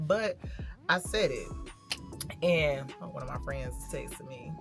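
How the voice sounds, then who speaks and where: A woman's voice: rumbling low, expressive, takes it slowly, over music. A woman vlogging in a candid, reflective way, telling a personal story and talking straight to her viewers. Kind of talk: candid casual vlog talk.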